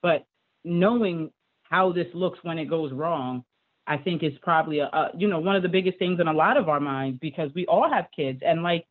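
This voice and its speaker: A woman's voice: fairly low pitch, normal speed. A woman speaking as a parent at a school board meeting, hesitant, with many fillers. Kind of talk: public comment on a call. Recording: tinny phone-like call audio.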